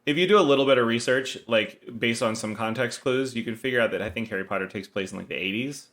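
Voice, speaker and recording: A man's voice: medium pitch, fast, a bit bright. A man guesting on a podcast in casual chat, with dry jokes and mock-formal asides.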